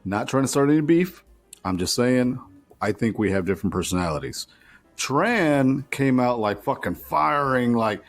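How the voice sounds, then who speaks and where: A man's voice: medium pitch, animated, normal speed, soft background music. A man co-hosting a casual podcast, rambling bluntly and swearing offhandedly. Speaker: podcast co-host. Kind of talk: casual chat.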